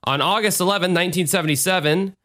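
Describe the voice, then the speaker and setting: A man co-hosting a casual true-crime podcast, animated and profane, joking as he reads. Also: high-pitched, fast talker. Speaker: podcast co-host.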